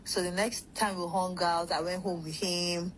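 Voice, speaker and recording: A woman's voice: lowish voice, level tone, normal speed, slight background noise. A young adult woman tells a long personal story in a loose, rambling way, with many fillers. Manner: rambling, repeats "like" and "blah, blah". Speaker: interviewee. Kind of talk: casual storytelling.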